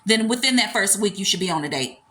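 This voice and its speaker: A woman's voice: medium pitch, expressive, fast talker, bright, forceful tone. A woman dating coach giving blunt, emphatic, slangy advice in a casual livestream.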